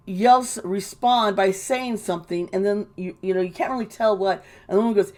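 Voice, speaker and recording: A woman's voice: medium pitch, expressive, moderate pace, hardly any pauses, darkish tone. A woman giving casual, indignant commentary, swearing and mocking the people she quotes. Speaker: tarot reader and commentator.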